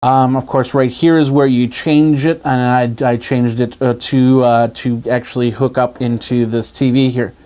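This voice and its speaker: A man's voice: mid-range voice, little pitch movement, moderate pace, few pauses, mellow. Male tech host, casual and talky, mid-range voice, showing features as he goes. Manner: chatty, demonstrating on screen as he talks. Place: indoors at a desk with a TV and monitor.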